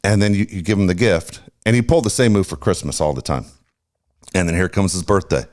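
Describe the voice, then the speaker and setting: A man's voice: deep voice, a little fast, a little mellow. A man in his fifties chatting casually, telling stories animatedly and acting out both sides of his phone calls. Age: 50s. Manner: swears freely. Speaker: podcast co-host. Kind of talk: casual storytelling chat.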